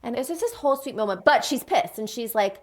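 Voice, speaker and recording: A woman's voice: fairly high pitch, expressive, quick pace, a little mellow. Woman, podcast co-host, giggly and gushing, reads quotes aloud. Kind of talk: casual book chat, reading passages aloud.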